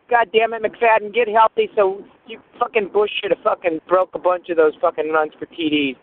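A man's voice: high-pitched, steady tone, brisk, few pauses. Furious swearing man on a phone line. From Indio, California area. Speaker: caller. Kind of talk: angry voicemail rant. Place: in a car, driving.

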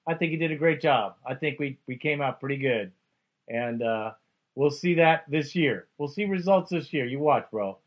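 Upbeat radio host, fairly high voice. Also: male voice, normal speed, dull audio. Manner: upbeat, calls people bro and man. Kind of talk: call-in radio talk.

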